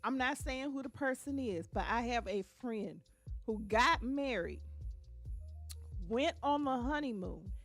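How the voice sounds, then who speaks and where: A woman's voice: lively intonation, measured pace, soft background music. A woman hosting a casual live stream, chatting with viewers and reading their comments aloud, speaking. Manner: chatty, reads viewer comments aloud, drops to a low voice at times. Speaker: livestream host. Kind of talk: casual livestream chat with viewers.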